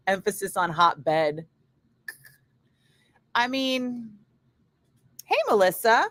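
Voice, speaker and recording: A woman's voice: on the high side, huge pitch swings, a bit bright, no echo. A middle-aged woman, a radio DJ, chatting casually with viewers on a livestream, blunt and swearing freely. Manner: blunt, swears freely, quick asides to chat. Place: home studio. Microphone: studio microphone.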